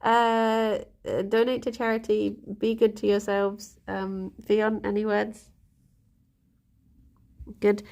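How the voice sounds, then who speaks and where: A woman's voice: medium pitch, flat delivery, slow pace, gravelly, long pauses, a little mellow. A woman chatting casually on a live stream, rambling and giggling between fillers.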